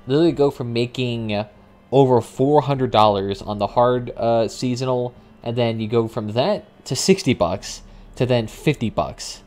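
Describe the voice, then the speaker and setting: A young man streaming a vehicle combat game, chatting casually with swearing and sudden excited outbursts as he plays. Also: medium pitch, normal speed, soft background music. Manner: casual, profane, excitable reactions. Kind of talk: live gameplay commentary.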